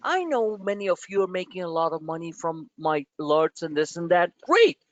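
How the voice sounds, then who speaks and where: A man's voice: on the high side, very animated, moderate pace. New guy ranting at his trading class, swears a lot, voice swings up and down, muffled dry audio. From New York. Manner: frustrated, blunt, profane, lecturing. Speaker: trading webinar host. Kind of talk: live webinar rant. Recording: dull dry lo-fi webinar audio.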